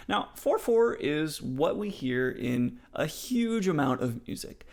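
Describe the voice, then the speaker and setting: Lively gravelly-voiced man teaching music theory. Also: on the high side. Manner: explains in a friendly way, counts beats aloud. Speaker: songwriting teacher.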